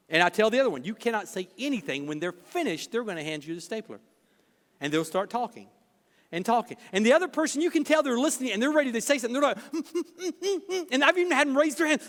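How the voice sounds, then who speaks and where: High-voiced pastor preaching in a reverberant hall. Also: male voice, fairly bright tone. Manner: storytelling, self-deprecating humor, acts out dialogue. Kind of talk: sermon. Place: church sanctuary.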